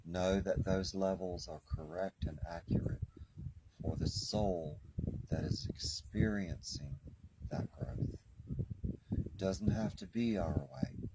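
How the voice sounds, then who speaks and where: A man giving a spiritual tarot reading, speaking slowly with soothing repetition. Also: low voice, steady tone, dull audio, heavy background noise. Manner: slow, repetitive, soothing delivery. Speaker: tarot reader.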